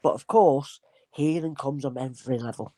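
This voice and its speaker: A woman's voice: rumbling low, moderate pace, dry recording. Chatty woman medium, dry close mic. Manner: animated, acts out voices in anecdotes. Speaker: spirit medium guest. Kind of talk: casual storytelling conversation.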